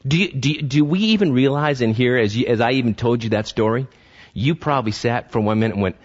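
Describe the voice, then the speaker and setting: Man, pastor, conversational sermon, repeats words, quizzes the congregation, mid pitch, dull lo-fi church recording. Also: fast talker.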